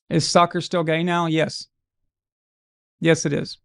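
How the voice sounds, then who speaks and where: A man's voice: fairly high pitch, steady tone, a little slow, long pauses. A man from Arkansas hosting a live football watch-along stream, giving casual commentary full of crude, brash, mocking humor.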